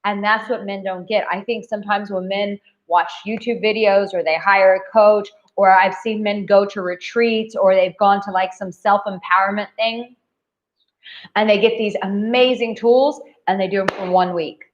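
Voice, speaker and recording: A woman's voice: mid-range voice, steady tone, normal speed, muffled recording. Passionate, blunt woman dating coach. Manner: passionate, emphatic, blunt and profane. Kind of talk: live Q&A to viewers.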